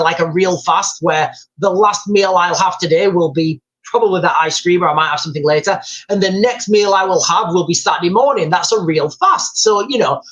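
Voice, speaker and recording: A man's voice: high voice, a bit bright, rough recording. Man, middle-aged, live stream host, chatty, rambling, lots of restarts. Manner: rambling storyteller, addresses viewers as guys, many restarts. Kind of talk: casual live stream chat.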